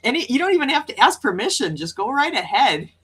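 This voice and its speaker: This Wisconsin livestream host talks briskly in a high-pitched, fairly bright and slightly rough voice with big swings in pitch. During her casual morning stream she reads chat aloud, chatting cheerfully and laughing a lot.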